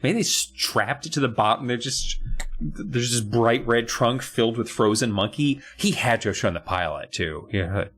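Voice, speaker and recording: A man's voice: mid-range voice, lively intonation, moderate pace, fairly bright tone. A man co-hosting a podcast, riffing casually and jokingly on a kids' book plot, swearing freely. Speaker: podcast co-host.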